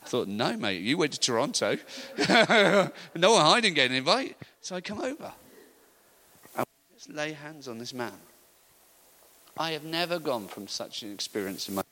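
A middle-aged man telling an animated story in a sermon, acting out the voices of the people in it. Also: on the high side, moderate pace, low-quality recording. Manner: animated storytelling, acts out voices, laughs often. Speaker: preacher. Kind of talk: sermon anecdote.

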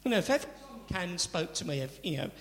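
A man preaching a sermon, chatty and animated, with asides to the congregation. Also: sits high, very fast. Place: church. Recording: church hall reverb, faint hum.

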